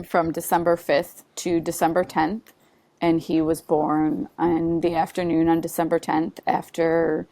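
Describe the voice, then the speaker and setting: Guesting on a podcast, this woman earnestly recounts something personal, stumbling along with plenty of "like" and "you know." She has a lowish, creaky, somewhat mellow voice, and there's no echo.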